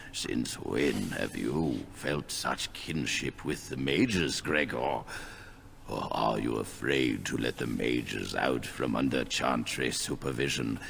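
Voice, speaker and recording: Elderly head mage in a game; very deep, slow, kindly and fatherly. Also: gravelly, a little hiss or hum, full character voice. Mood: teasing. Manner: gentle, grandfatherly, unhurried. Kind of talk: video game voice acting.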